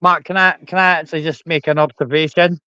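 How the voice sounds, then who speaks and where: A man's voice: on the high side, fairly even intonation, fast, pushed and bright, clear, resonant tone. Crude mocking man on a stream. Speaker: panel guest. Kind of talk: heated livestream panel banter. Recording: dull, slightly lo-fi stream audio.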